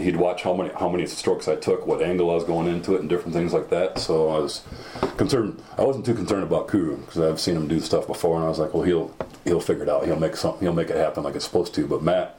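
Very deep, quick-talking man. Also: mellow, slight background noise. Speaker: river guide. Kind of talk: casual interview answers. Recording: echoey room.

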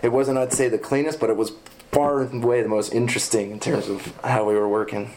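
A man recounting a river trip in an easy, conversational way. His voice sits in a middle register, and he gets lively and laughs as the story builds. Faint noise sits under the recording. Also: mid-range voice, quick pace. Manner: animated, laughs and shouts when retelling action. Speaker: river guide. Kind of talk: casual storytelling interview.

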